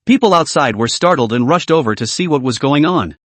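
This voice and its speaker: A man narrating a comic recap, reading the story and the characters' lines in the same fast, even narrating voice. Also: a little high, dry recording.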